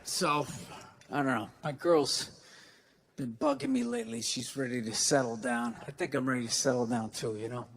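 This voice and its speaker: A man from the United States performing a stand-up comedy set on stage, telling stories with loud bursts and acted-out quotes. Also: mid-range voice, lively intonation, moderate pace. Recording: live hall reverb, faint noise.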